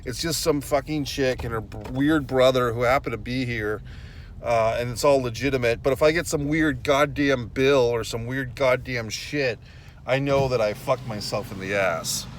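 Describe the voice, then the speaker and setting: A man's voice: mid-range voice, normal speed, slight background noise. A man vlogging outdoors, telling a story in a blunt, profane, exasperated way straight to his viewers. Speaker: YouTube vlogger. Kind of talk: casual rant to camera.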